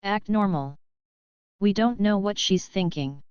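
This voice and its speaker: A woman's voice: medium pitch, a little slow, darkish tone, clean tone, no echo, dull audio, close to an everyday voice. A woman voicing a tense male police officer who mutters under his breath, in a story reading.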